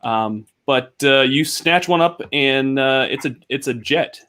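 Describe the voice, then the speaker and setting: A man narrating as game master for a tabletop game, halting with many restarts. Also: mid-range voice, pushed and bright, clear, resonant tone. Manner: halting, full of fillers and restarts.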